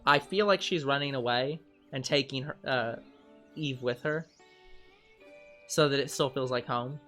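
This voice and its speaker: Pausing often and speaking a little slowly, this mid-range-voiced game channel host reads a visual novel aloud over faint music. His let's play narration is lively and full of banter, with jokes between lines and animated laughing outbursts.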